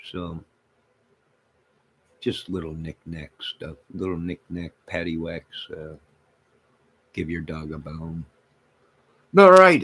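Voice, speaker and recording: A man's voice: low-pitched, a bit bright, slightly rough. A man hosting a casual livestream, rambling and joking with his chat viewers, with a toothless way of speaking. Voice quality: toothless speech. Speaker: livestream host.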